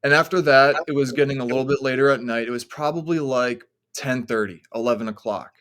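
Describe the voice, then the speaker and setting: A man's voice: mid-range voice, a little fast, fairly bright tone. A man who is a podcast guest, telling a story casually in rambling sentences full of "like" fillers. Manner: rambling, heavy use of "like" fillers.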